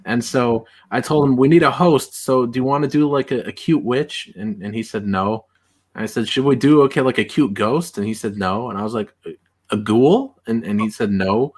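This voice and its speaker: A man's voice: medium pitch, moderate pace. A man hosting a casual livestream, chatting loosely with many fillers and restarts. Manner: rambling, lots of fillers and restarts. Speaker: livestream host.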